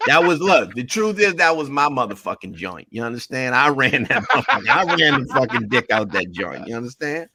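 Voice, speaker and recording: A man telling stories as a guest on a casual podcast, animated and full of swearing, laughing often as he talks. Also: mid-range voice, fairly quick, few pauses, husky. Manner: profane, animated storyteller who laughs often. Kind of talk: casual storytelling chat.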